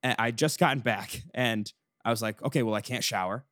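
A man's voice: mid-range voice, brisk, dry recording, studio quality. Young man ranting on a podcast. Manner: animated storytelling, frequent swearing and restarts. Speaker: podcast host. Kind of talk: casual chat.

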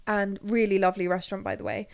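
A woman's voice: medium pitch, sing-song, fast, creaky, clear, resonant tone, dry recording. A young Englishwoman co-hosting a casual podcast chat, telling stories in a giggly, chatty way. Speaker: podcast co-host.

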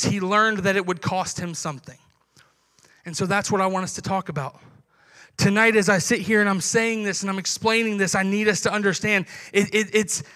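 A man's voice: high-pitched, pushed and bright. A young man preaching a sermon to his congregation in a conversational way, acting out little dialogues.

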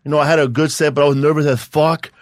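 A man's voice: on the high side, steady tone, fast, dry recording, studio quality. A middle-aged man hosting a podcast, chatting casually with a playful, teasing tone, swearing and calling his guest bro. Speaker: podcast host, comedian. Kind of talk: casual chat.

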